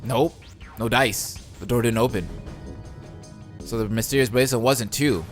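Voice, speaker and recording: A man doing a let's play of a visual novel, reading the text aloud and reacting excitedly. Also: medium pitch, normal speed. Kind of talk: gameplay commentary and text reading. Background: game music.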